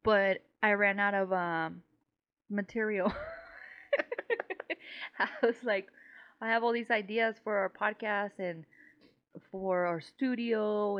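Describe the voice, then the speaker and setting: A Mexican woman co-hosts a casual podcast in a clear, resonant, mid-range voice, rambling, swearing freely, and laughing often as if a little tipsy. The recording has a slightly dull lo-fi sound.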